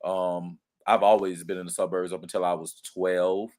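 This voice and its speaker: A man's voice: sits low, level tone, normal speed, a little mellow. A man, calling in to chat in a laid-back, slangy way. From Georgia. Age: 30s. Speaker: guest caller. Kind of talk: casual chat.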